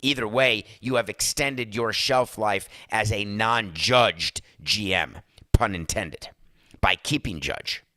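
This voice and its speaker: A male sports podcast host rants emphatically, tossing in sarcastic asides. His voice sits fairly low but sounds bright, and it is dry and close on a studio mic. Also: slow pace, no echo. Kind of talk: sports talk podcast monologue.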